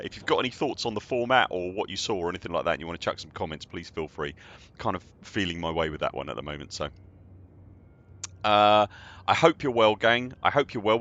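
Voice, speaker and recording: A man's voice: lowish voice, a bit bright, muffled recording. A man chatting casually to viewers while streaming a space game, greeting them by name and joking at his own expense. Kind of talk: casual live-stream chat.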